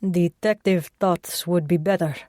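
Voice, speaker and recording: A woman voicing a gruff, protective man who speaks in clipped, broken English. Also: lowish voice, fairly even intonation, a little slow, a little mellow, no echo, clean studio sound, close to an everyday voice. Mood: gruff, tender.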